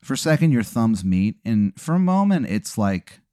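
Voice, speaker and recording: A man's voice: medium pitch, sing-song, moderate pace, dark tone, no room sound, clean studio sound. A man hosting a podcast, telling a comic hypothetical in a profane, rambling way full of fillers.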